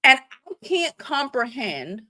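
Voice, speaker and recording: A woman's voice: high-pitched, big pitch swings, slow, bright, forceful tone. Profane, mocking woman vlog host. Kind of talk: casual commentary.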